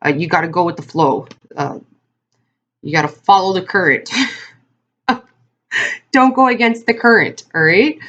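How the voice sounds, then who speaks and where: A woman's voice: fairly low pitch, moderate pace, long pauses, fairly bright tone, highs cut off. A woman giving a casual tarot card reading to her viewers, talking in a chatty, rambling way with lots of fillers and asides. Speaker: tarot reader.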